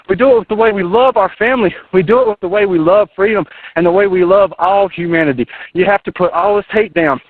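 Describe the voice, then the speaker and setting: A man's voice: sits high, dry recording. A man in his thirties from North Carolina, a radio guest preaching in a fired-up, repetitive way, calling in from outdoors in his yard. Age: 30s. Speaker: internet radio host, guest. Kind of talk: impassioned guest talk on a call-in radio show. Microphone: phone line. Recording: tinny dry phone line.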